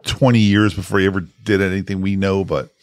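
A man with a very low voice co-hosts a casual movie podcast. He jokes, reminisces and guesses at trivia out loud. The sound is dry and close, with no room echo. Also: flat delivery, quick pace. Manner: jokey, reminiscing, guesses aloud. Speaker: podcast co-host.

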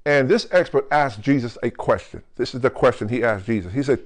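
A male pastor preaching a lively, jokey sermon, who keeps calling out to the congregation and slows down to stress scripture words. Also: medium pitch. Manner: calls out to the congregation with questions like "right?" and "come on".

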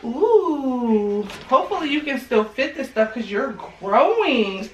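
A woman's voice: high-pitched, big pitch swings, takes it slowly, a little hiss or hum. A young woman, a mother and family vlogger, gushing at her daughter in playful, teasing baby talk at home. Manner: gushing, sing-song, teasing. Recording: echoey room, camera at a distance.

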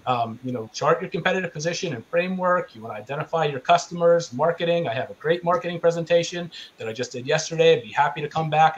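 A man with a fairly high voice presents a webinar class on a video call. He teaches in an earnest, conversational way and leans hard on the points that matter. His voice comes through a call microphone. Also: muffled recording, slight background noise. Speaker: small business procurement specialist presenting.

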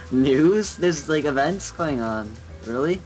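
A man's voice: fairly high pitch, animated, slow pace, darkish tone, poor audio. A man chatting loosely as a guest on a game stream. He talks in slang, leans on "like" and swears freely. Faint music plays under his voice. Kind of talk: casual chat.

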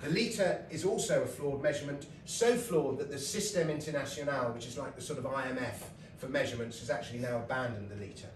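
Telling stories full of laughs and asides, a middle-aged British man delivers a comic lecture before a live audience. A lecturer and comedian, he speaks at a medium pitch, fairly quickly, with hardly any pauses; a distant, roomy hall mic catches slight background noise.

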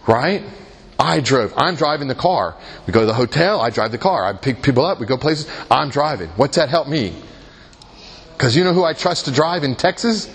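A man with a husky voice teaches a Christian workshop at a convention. He talks conversationally, checks in with his listeners through rhetorical questions, and pokes fun at himself. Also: a little high, expressive, normal speed. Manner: engages listeners with rhetorical questions and self-mocking jokes. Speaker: workshop leader.

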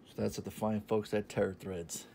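Low-voiced man in an upbeat haul vlog. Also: level tone, brisk, vocal fry, slight background noise. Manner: enthusiastic, repeats himself, sometimes drops to a soft half-whisper. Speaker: vlogger showing a shopping haul.

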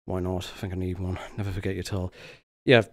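A young man with a slightly low voice, winded and tired after exertion. He chats loosely on a live stream, sighing and catching his breath between words. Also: little pitch movement, quick pace. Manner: breathless, sighing, grateful and laughing. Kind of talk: casual live-stream chat.

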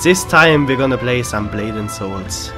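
A man's voice: medium pitch, expressive, measured pace, music in the background. A young man with a German accent, hosting a gaming channel and ranting with frequent swearing as he waits in a queue. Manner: swearing, exasperated outbursts. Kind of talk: ranting gameplay commentary.

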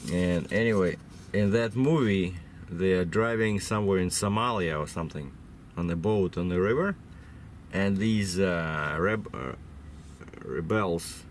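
A man's voice: deep voice, a little hiss or hum. A man who drives trucks, with a cold and a runny nose, chatting on at length with lots of fillers and restarts. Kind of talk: casual vlog storytelling. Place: inside a truck cab.

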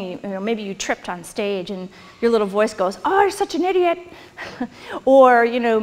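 A woman presenting to a live audience in a conversational lecture style, chuckling and putting questions to the listeners. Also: on the high side. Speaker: workshop presenter. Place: hall or meeting room with an audience. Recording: long hall reverb.

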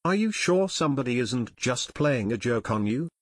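A man's voice: mid-range voice, animated, normal speed, no room sound, clean studio sound, lightly acted. A man voicing an impatient teenage boy detective who speaks bluntly.

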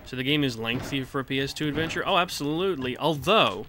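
A man's voice: mid-range voice, fast, background noise. A man casually commenting while he plays a video game, chatty and swearing now and then while answering chat. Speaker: let's play streamer.

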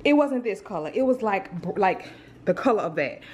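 A woman's voice: medium pitch, expressive, brisk, darkish tone. A young woman chatting casually to her camera at home, calling her viewers "girl" and "y'all". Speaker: vlogger. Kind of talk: casual vlog chat to camera. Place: at home in an apartment. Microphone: camera on a tripod.

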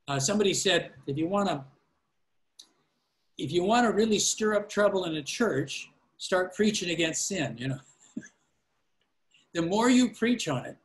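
A man who pastors, teaching a class on preaching over a call. His voice sits a touch high, and he gives earnest, fatherly counsel, often restarting sentences mid-thought. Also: rough recording. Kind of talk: informal teaching on a video call.

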